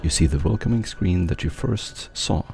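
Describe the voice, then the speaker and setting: A man running a tabletop role-playing game as game master, narrating the scene in a slow, measured way. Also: low-pitched, gravelly, darkish tone, soft background music.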